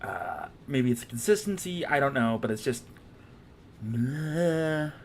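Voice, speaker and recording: A male game streamer talks off the cuff, rambling and swearing freely and poking fun at himself. His voice sits at an ordinary middle pitch, with faint room ambience behind it. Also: big pitch swings, normal speed, vocal fry, slight background noise. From Irish heritage. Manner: rambling, profane, self-mocking. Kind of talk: casual stream chat.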